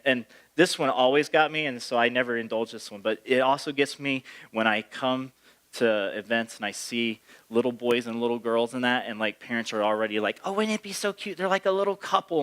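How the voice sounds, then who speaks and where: A man's voice: mid-range voice, steady tone, brisk, a bit bright, smooth. A man, the pastor, preaching a sermon in a conversational way, with asides and playful impressions of parents.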